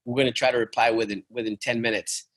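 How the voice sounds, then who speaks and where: A man's voice: mid-range voice, steady tone, fast talker. Chatty man with restless fillers. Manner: rambling, many fillers and restarts; uses "man" and "dude" often. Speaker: travel business owner. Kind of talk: casual business conversation.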